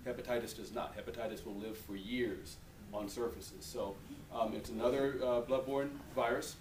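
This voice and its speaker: A man's voice: mid-range voice, fairly even intonation, moderate pace. A man explaining health facts to an audience in an informal way, with frequent fillers. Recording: echoey room, distant mic, audible noise.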